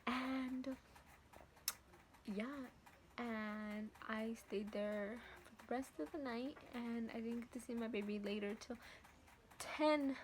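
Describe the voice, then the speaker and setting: A woman's voice: on the high side, slow, long pauses, slight background noise. A teenage woman vlogger telling a casual story from home, blunt and profane with lots of slang. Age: teens.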